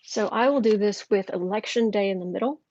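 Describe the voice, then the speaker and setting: A woman's voice: mid-range voice, a little fast, muffled recording, very noisy. A woman doing a live tarot reading, chatty and thinking aloud, with many restarts. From United States. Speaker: tarot reader.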